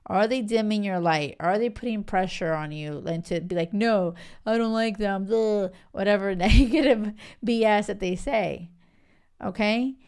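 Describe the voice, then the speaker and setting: A woman's voice: mid-range voice, moderate pace, a little mellow, clean tone. A woman hosting a show and giving relationship advice in a chatty, emphatic way, often asking "right?" and "okay?". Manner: chatty and emphatic, with frequent "like" and "right?" and some laughter. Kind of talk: casual advice monologue.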